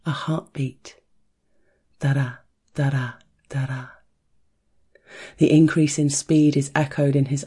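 A narrator reading an erotic story in a soft, hushed way, chanting a steady heartbeat rhythm. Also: mid-range voice, slightly rough.

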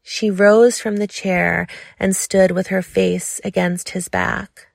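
A woman narrating a sensual audiobook story in a slow, measured, soft manner. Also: medium pitch, steady tone, vocal fry, no room sound, studio quality.

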